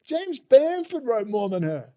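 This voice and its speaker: An Australian man with a rather high voice holds forth in a rambling rant, swearing freely and dripping with sarcasm. He sounds exasperated and scornful as he runs down his targets. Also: sing-song, measured pace, warm tone. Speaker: political commentator. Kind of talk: ranting monologue. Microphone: desk setup with bookshelf behind.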